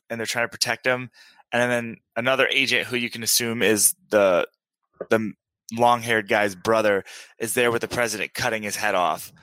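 A man's voice: medium pitch, pushed and bright, no echo. Rambling, laughing man on a podcast. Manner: rambling, laughing recap full of fillers. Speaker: podcast co-host. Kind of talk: casual chat.

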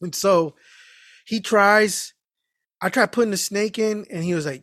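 High-voiced man telling a rowdy story. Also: measured pace, no room sound, studio quality. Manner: profane, animated storyteller who slips into quoted voices. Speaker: podcast host. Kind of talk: casual storytelling chat.

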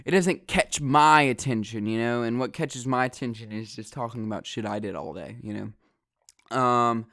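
A young man vlogs in a medium-pitched, slightly bright voice at normal speed, rambling casually. He swears often and fills pauses with lots of "um" and "like."

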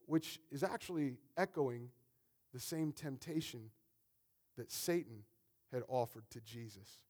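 A man preaching a conversational, animated sermon as a pastor, often repeating words as he builds a point. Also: medium pitch, measured pace.

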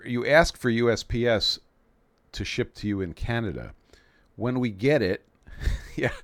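A man's voice: mid-range voice, no echo. Rambling, joking man hosting a livestream. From New York City. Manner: rambling and joking, with frequent restarts. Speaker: livestream host. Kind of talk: casual livestream chat.

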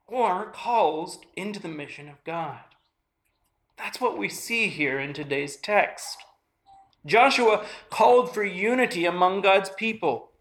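Bright-voiced man preaching a sermon. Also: high-pitched. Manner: earnest, conversational preaching with frequent restarts and repetition for emphasis. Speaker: pastor.

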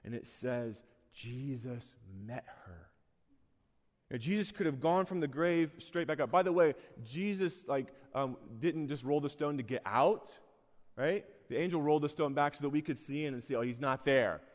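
A man's voice: a little high, moderate pace. A man preaching a sermon in a church, conversational and earnest, with sudden rising bursts of emphasis. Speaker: pastor. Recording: long hall reverb.

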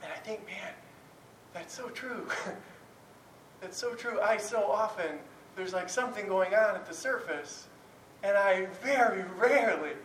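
A man's voice: high voice, unhurried, fairly bright tone. A man giving a conversational sermon, talking candidly in a rambling way with many restarts. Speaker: speaker giving a talk on prayer. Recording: roomy, distant, faint noise.

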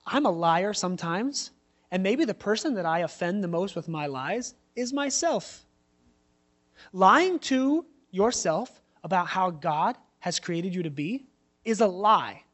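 A man in his thirties preaching a sermon in a conversational way, telling personal stories with frequent asides. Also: sits high. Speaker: pastor.

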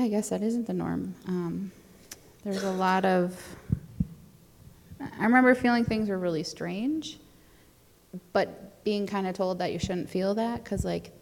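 Chatty young woman with a gravelly low voice. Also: darkish tone, long reverb tail. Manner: chatty, rambling with fillers and laughs. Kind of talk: casual conversation.

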